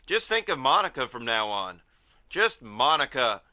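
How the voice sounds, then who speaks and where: A man's voice: mid-range voice, very animated, normal speed, pushed and bright. A man reading as an eerie, possessed girl.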